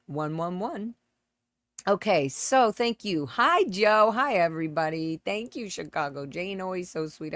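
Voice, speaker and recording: A woman's voice: mid-range voice, fairly bright tone, dry recording. A woman hosting a casual livestream from home on a close microphone, chatting and greeting viewers by name. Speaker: livestream host. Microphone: close desk microphone.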